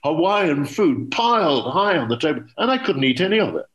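Lively older English actor telling stories. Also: male voice, fairly high pitch, normal speed, highs cut off. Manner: lively storyteller, acts out quoted dialogue. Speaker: actor guest. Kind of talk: relaxed interview anecdotes.

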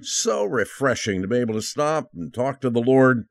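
A man's voice: mid-range voice, sing-song, moderate pace, creaky, dry recording, studio quality. An older man in his eighties hosting a Christian radio talk show, chatty and joking, laughing at his own lines.

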